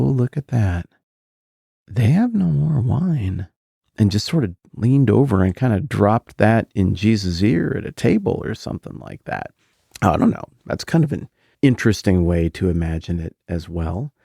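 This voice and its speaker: In a lowish, creaky voice with a darkish tone, a man in his forties hosts a podcast, casually teaching on a Bible passage with reflective musings and side remarks. He's from the American Mountain West or Upper Midwest, and the studio sound is clean with no echo.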